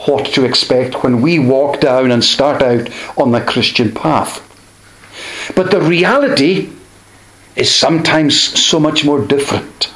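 A man preaching a sermon in a slow, measured way, pausing between short phrases. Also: medium pitch, fairly bright tone, roomy sound, low-quality recording.

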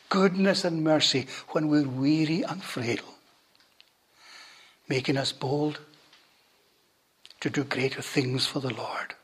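A man preaching a sermon and leading a prayer, slow and deliberate, often dropping to a hush at the ends of phrases. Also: on the high side, husky. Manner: slow, deliberate preaching that drops to hushed endings.

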